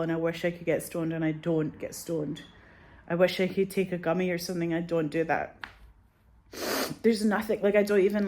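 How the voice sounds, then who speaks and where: A woman's voice: lowish voice, darkish tone. A middle-aged woman chatting casually to her viewers, rambling and anxious, swearing often. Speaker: vlogger. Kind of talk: casual chat to camera.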